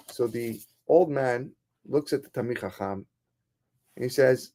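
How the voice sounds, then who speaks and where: A man who is a rabbi, telling a story in a sermon in an animated, dramatic way. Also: medium pitch, moderate pace.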